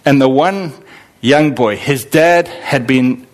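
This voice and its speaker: A man from Zimbabwe, preaching a sermon with animated, dramatic swings in delivery. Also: slow. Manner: animated, with sudden dramatic swings in pitch and pace. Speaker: pastor.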